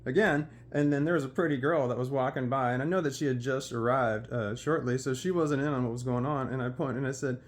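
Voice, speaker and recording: Fast-talking man telling a story. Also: mid-range voice. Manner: animated, quotes others in dialogue. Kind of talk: casual personal storytelling.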